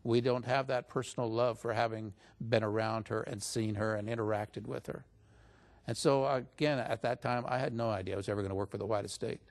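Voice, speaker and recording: A man with a lowish, steady voice speaks fairly quickly as an interview guest, casually recounting a story. He raises his voice when quoting other people.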